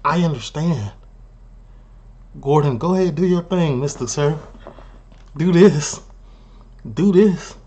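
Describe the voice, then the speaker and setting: A man with a Chicago accent hosting a reaction video, chatting casually with animated, laughing asides. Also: fairly high pitch, takes it slowly, long pauses, slightly rough.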